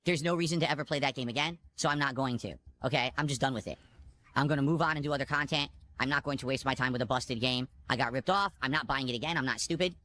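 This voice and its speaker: A man's voice: mid-range voice, quick pace, bright, forceful tone, slight background noise. A man streaming games, talking bluntly and complaining in a monologue. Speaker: game streamer.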